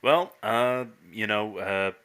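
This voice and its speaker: Low, bright-voiced hesitant man. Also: takes it slowly, clear, resonant tone. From United States. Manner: hesitant, many "uh" fillers and restarts. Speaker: brewer guest. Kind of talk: casual podcast chat.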